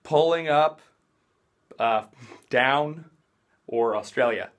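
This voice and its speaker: A man's voice: mid-range voice, slow pace. A young man doing a casual vlog in a hyper, jokey, rambling way. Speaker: vlogger.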